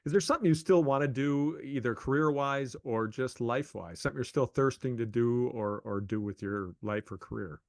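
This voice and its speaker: A man's voice: mid-range voice, fairly quick, hardly any pauses. A middle-aged man co-hosting an interview podcast, asking friendly, chatty questions. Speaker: podcast co-host. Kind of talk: casual interview chat.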